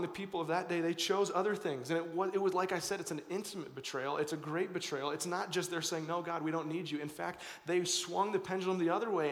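A man's voice: sits high, gravelly, fairly bright tone. A man in his thirties preaching a sermon as pastor, earnest and conversational, often repeating words as he restarts. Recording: echoey hall.

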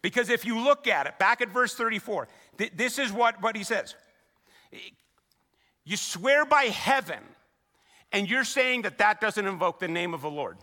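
A man preaching a sermon as a pastor, conversational and animated, acting out the voices of the people he quotes. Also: high voice, moderate pace. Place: church sanctuary. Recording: long reverb of a large hall.

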